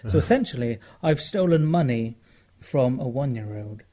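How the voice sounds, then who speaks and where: A man's voice: medium pitch, lively intonation, moderate pace, mellow. A man with a British accent co-hosting a casual comedy podcast, telling rambling, self-mocking stories with crude jokes. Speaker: podcast co-host.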